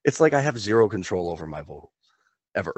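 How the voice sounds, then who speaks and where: A laid-back man with a very low, deep voice chats in a rambling, easy way on a podcast, with the odd chuckle between thoughts. The sound is dry and close, with no room echo. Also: big pitch swings, fast, breathy edge. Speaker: podcast co-host. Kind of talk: casual chat.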